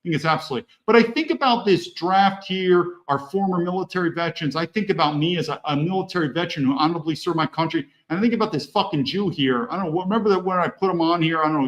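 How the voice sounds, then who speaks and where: A man's voice: on the high side, muffled recording. Heated, profane middle-aged man ranting. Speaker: podcast host. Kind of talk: angry political rant.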